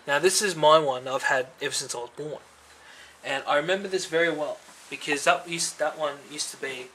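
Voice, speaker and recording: Speaking in a slightly high, bright, forceful voice, a man of Filipino family background tells his personal testimony as a vlogger. He's earnest and chatty, uses many fillers, and tags his points with "right?" The low-quality recording has a little hiss or hum.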